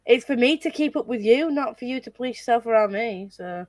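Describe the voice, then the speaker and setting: A woman's voice: fairly high pitch, expressive, fairly quick, a little mellow, no room sound. A woman with a Northern English accent, chatting casually with friends on a voice call, full of fillers and trailing off mid-thought. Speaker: channel host. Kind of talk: casual chat on a group call.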